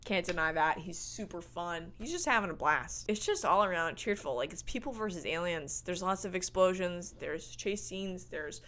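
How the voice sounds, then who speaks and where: This is a young woman reviewing a movie in a casual vlog, her voice sitting a little low. She riffs with a playful, sarcastic edge and swears offhandedly. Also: lively intonation, normal speed, hardly any pauses, a bit bright.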